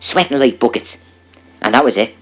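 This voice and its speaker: Animated man telling a joke. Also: mid-range voice, normal speed, faint music behind. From Ireland. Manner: animated, conversational, punchline delivery. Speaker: joke teller. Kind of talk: comic storytelling.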